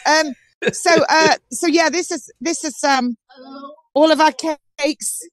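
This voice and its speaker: A woman's voice: high voice, slow pace, no echo. A woman from southern England chatting animatedly on a phone while touring an outdoor market, full of restarts. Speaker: guest on a live call-in show. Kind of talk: live walking tour on a phone call.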